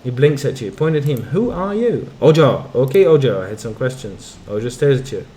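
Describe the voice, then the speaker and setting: This streamer's mid-range voice is very animated, fairly quick and dark in tone as he casually comments on his game, reading its text aloud with muttered asides. There is slight background noise along with the game music.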